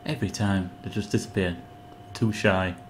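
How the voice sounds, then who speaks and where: A man with a fairly low voice, chatting playfully through a game session and greeting the characters he meets. His asides are loose and jokey, like idle commentary to himself. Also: steady tone, moderate pace, slight background noise. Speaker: gamer. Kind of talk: let's play commentary.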